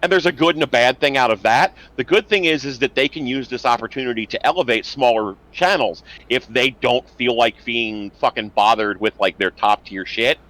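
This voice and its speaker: Guy cohost ranting, swears a lot, bright punchy voice. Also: mid-range voice, brisk, hardly any pauses, poor audio. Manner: heavy swearing, animated ranting. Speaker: podcast co-host. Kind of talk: casual chat.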